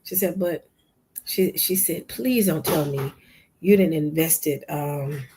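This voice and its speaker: A woman's voice: deep voice, slow pace, noisy background. A woman hosting a livestream show, chatting casually with viewers and retelling a conversation in quoted dialogue, often calling them "y'all". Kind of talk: casual storytelling to a live audience.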